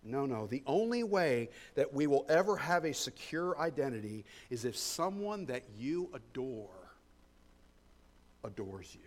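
A man preaching a sermon as pastor, moving between loud emphasis and hushed tones and repeating key phrases. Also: mid-range voice, big pitch swings, moderate pace, few pauses.

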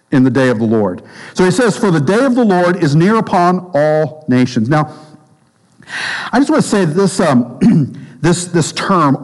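Preaching man in a reverberant hall. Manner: emphatic, repeats phrases, drops low and slow for stress. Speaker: pastor. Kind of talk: sermon.

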